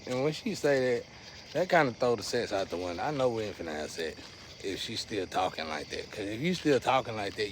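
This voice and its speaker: A man's voice: mid-range voice, slight background noise. A man giving a casual, rambling monologue to his viewers in loose slang. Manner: rambling, slangy, restless swings in loudness. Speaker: vlogger.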